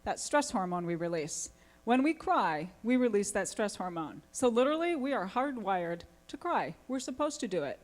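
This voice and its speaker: A woman speaks at a conference as a family therapist, animated and conversational. She keeps throwing questions at her listeners and answering them herself. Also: medium pitch, normal speed, hardly any pauses. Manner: animated, asks the audience many questions. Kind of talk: lively conference talk to an audience. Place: conference hall.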